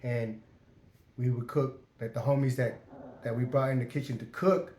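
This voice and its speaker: A man's voice: medium pitch, fairly even intonation, normal speed, darkish tone, a little hiss or hum. A man casually telling a first-person story in a streetwise, profane way, acting out quoted exchanges with a raised voice. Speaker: storyteller recounting prison life. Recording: roomy echo.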